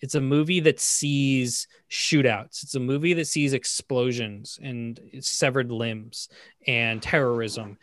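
A man co-hosting a film discussion podcast, talking casually with many fillers and restarts, getting animated as he criticizes. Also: mid-range voice, slow pace, dry recording, clean studio sound. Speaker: podcast co-host. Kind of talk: casual film review chat.

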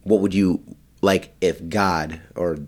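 A man's voice: low voice, fairly even intonation, slow. A man chatting casually as a podcast guest, joking and laughing often. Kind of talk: casual chat.

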